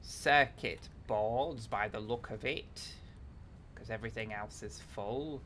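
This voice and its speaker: A man's voice: lowish voice, slow, sharp tone, slight background noise. A man, chatting casually on a gameplay livestream, thinking aloud with lots of fillers, restarts and offhand swearing. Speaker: livestreamer playing a factory-building game.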